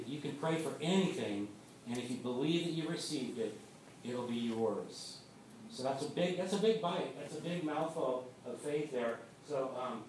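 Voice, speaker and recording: A man's voice: medium pitch, darkish tone, a little hiss or hum. A man preaching a sermon as pastor, speaking in a conversational way and often repeating words as he starts a thought. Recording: echoey room, from far off.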